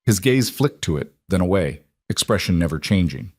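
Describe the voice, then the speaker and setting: A man reading a dramatic story as narrator in an even, measured way. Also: sits low, dry recording, studio quality. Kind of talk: scripted narration.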